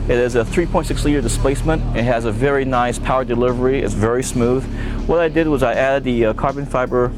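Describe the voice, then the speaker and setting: A man, a car owner, describing his car in a casual, rambling way with fillers. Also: mid-range voice. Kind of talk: casual show-and-tell. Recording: music behind the voice.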